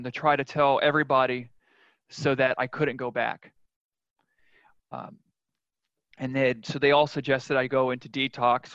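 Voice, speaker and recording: A man appears as a podcast guest, frankly and earnestly confessing his own story in casual interview fashion. His voice is medium-pitched, fairly bright and clean, with no room sound. The recording is dull, lo-fi and dry.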